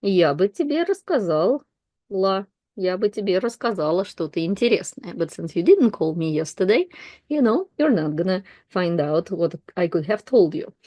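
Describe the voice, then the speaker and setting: A woman's voice: lowish voice, sing-song, normal speed, warm tone, dry recording. A woman whose first language is Russian, teaching while reading aloud, thinking aloud with fillers and self-corrections.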